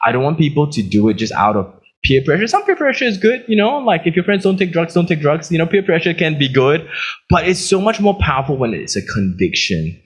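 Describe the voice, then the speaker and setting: A young Australian man with a slightly Americanised accent preaching, telling stories in an animated way and laughing at his own jokes. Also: fairly high pitch, brisk, husky. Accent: Australian, with some American. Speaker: pastor. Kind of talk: sermon.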